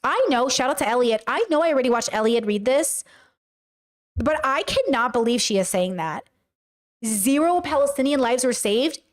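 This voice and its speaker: A woman's voice: sits high, expressive, moderate pace. A woman livestreaming, reading a text aloud and reacting with emotional, exclaiming commentary. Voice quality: tearful at times. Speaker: streamer reacting to a video.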